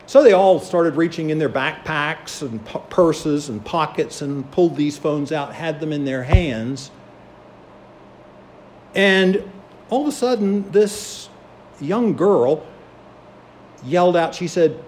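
A man's voice: fairly high pitch, lively intonation, slow pace, a little mellow, a little hiss or hum. A man preaching a sermon, telling a story and acting out the voices of its people. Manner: storytelling, acts out quoted voices.

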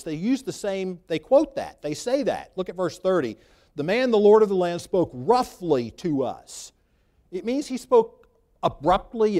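A man's voice: a little high, darkish tone. A man preaching a sermon in a conversational, free-flowing way, lifting his voice for emphasis.

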